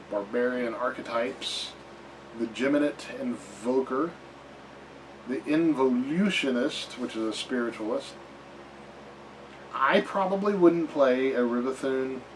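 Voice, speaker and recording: Male reviewer, mid pitch, slow and rambling, dry wry asides, sits a bit off-mic with faint room noise. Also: distant mic. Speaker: reviewer of tabletop game books. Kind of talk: casual book review.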